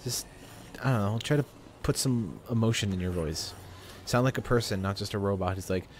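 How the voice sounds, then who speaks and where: A man's voice: fairly low pitch, fairly quick, a little hiss or hum. A man giving chatty, rambling commentary while he plays a video game, often talking to himself. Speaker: gamer. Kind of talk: let's play commentary.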